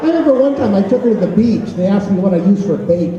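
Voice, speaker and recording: A middle-aged man, a teacher, doing a stand-up routine of rapid one-liner jokes at a school talent show. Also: sits high, animated, crowd noise, noisy background. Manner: rapid-fire one-liner joke telling. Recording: echoey, distant, lo-fi auditorium recording.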